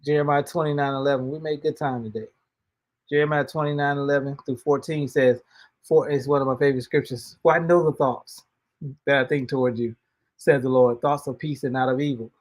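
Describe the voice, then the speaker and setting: A man's voice: mid-range voice, steady tone, fairly quick. A man hosting a casual spoken devotional, talking in a colloquial, folksy way and often repeating and restarting his words. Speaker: host and motivational speaker.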